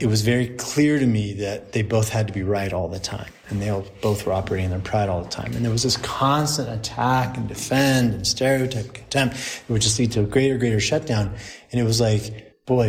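A man's voice: lowish voice, a little hiss or hum. A man, a priest, telling a story to a group in a chatty, anecdotal way and laughing at his own jokes.

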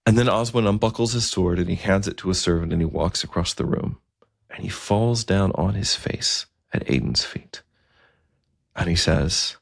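A man telling a historical story in a relaxed, conversational way, with asides and fillers. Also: deep voice, normal speed, gravelly, husky, no echo, studio quality.

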